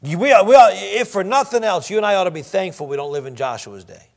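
A man preaching in a church, his voice pitched high for a man. He reads scripture slowly and deliberately, then drops to quiet asides before rising again with emphasis. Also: animated, creaky. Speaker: pastor. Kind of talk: sermon.

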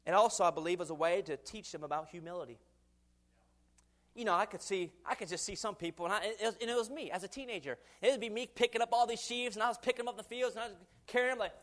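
Young man, preacher, high voice, lively sermon delivery, chuckles between points. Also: a little fast. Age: 20s. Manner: animated, acts out quoted voices, chuckles often.

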